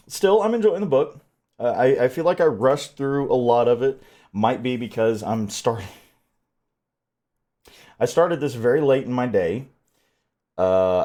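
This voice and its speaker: Guy rambling casual chat, stammery, kinda low voice. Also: mellow. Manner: rambling, stammering, talks to his dog. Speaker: audiobook narrator and streamer.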